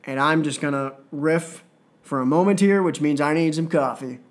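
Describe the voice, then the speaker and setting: A man with a somewhat high-pitched voice hosts a casual podcast. He rambles eagerly, piling on side comments and restarting his sentences as he goes. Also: normal speed. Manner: excited, rambling fan talk with asides. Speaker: wrestling podcast host.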